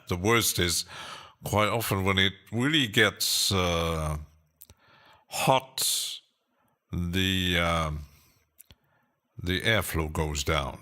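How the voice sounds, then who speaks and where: A man's voice: deep voice, extremely slow, long pauses, sharp tone. A man casually chatting on a live stream while producing music, rambling and hesitant, often laughing to himself.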